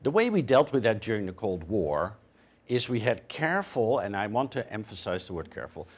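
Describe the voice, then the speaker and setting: A man speaking as a panelist, measured and hesitant with frequent fillers. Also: lowish voice, sing-song, husky. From Canada. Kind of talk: panel discussion answer.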